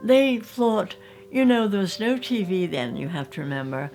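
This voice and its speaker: Older English woman with a gravelly voice. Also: mid-range voice, normal speed, faint music behind. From England. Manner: reminiscing, animated, acting out scenes. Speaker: storyteller. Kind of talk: recounting childhood memories.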